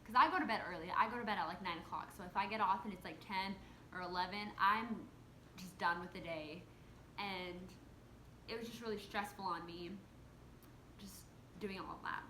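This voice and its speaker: A woman's voice: mid-range voice, normal speed. A young woman telling a personal story in a casual, chatty way, peppering her speech with "like". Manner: chatty, animated, heavy use of "like". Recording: echoey room with faint background hum.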